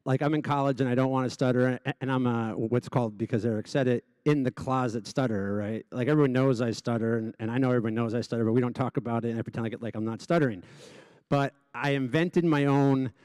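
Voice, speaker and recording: A man's voice: mid-range voice, fairly even intonation, quick pace, darkish tone, no echo. Man who stutters, giving a dry close speech. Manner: stutters openly, with repeated sounds and restarts. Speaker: gala honoree giving a speech. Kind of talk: personal speech to a live audience.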